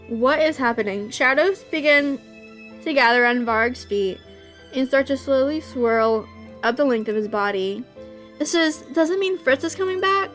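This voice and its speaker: A woman reading a visual novel aloud, emotional and quick to burst into excited reactions. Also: high voice, soft background music.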